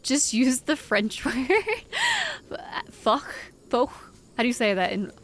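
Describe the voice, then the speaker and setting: A woman's voice: on the high side, brisk, slight background noise. A young woman streaming a game live, chatting casually with her viewers in a rambling, giggly way. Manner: rambling, giggly, talks to chat.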